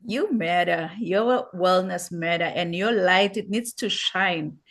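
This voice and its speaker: A woman's voice: on the low side, slow, fairly bright tone. A woman hosting an online talk show, effusive and full of praise, often repeating exclamations. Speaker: host. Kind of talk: enthusiastic interview show hosting.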